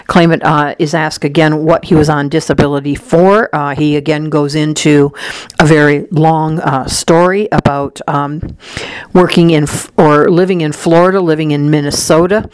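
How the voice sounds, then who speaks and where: A clinical examiner dictating an examination report aloud in a matter-of-fact way, speaking the punctuation and pausing on frequent uh and um fillers. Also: medium pitch, fairly even intonation, clear, resonant tone, no room sound, rough recording.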